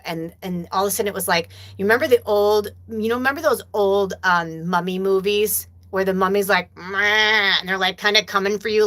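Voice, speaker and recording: A woman's voice: medium pitch, fairly bright tone. A woman in her forties telling a story casually to her viewers, chatty and swearing freely with plenty of fillers. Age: 40s. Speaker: spiritual medium hosting a live stream.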